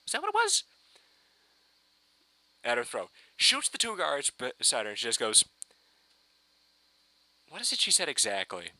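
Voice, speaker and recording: Man, rambling excitable fan rant, gravelly edge, lively up-and-down delivery. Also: medium pitch, moderate pace, pauses often, no echo, poor audio. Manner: excitable, rambling, swears, frequent restarts. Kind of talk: casual fan review rant.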